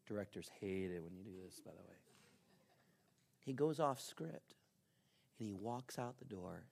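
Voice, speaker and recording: A man preaching a sermon as pastor, telling a story with lively ups and downs and soft, earnest appeals. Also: lowish voice, normal speed, gravelly.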